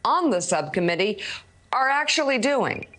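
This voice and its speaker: A woman reading a political news report in a measured, even way. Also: fairly high pitch, slight background noise. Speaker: news reader.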